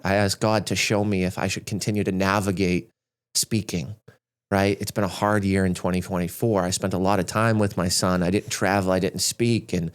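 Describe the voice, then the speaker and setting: A man's voice: sits low, clean tone. A man in his thirties, a podcast guest and speaker with a Middle Tennessee accent, sharing a personal story in an earnest, heartfelt way. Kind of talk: candid conversational storytelling.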